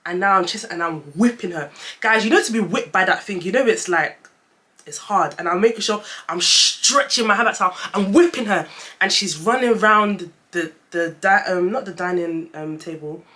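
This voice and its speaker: A young woman tells a story-time vlog, chatty and animated, often calling her viewers "guys". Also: fairly low pitch, moderate pace. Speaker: vlogger.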